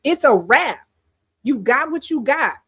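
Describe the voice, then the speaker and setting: A woman's voice: high voice, very animated, measured pace, fairly bright tone, slightly rough. A woman hosting a livestream, giving emphatic, scolding political commentary with turns of phrase. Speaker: livestream host.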